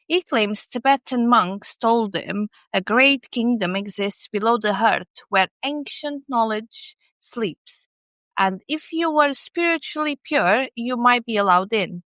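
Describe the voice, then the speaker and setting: Slow, wry higher-voiced woman storyteller. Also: animated, fairly bright tone, dry recording. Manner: wry, storytelling delivery with sarcastic asides. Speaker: podcast co-host. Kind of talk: scripted comedic narration.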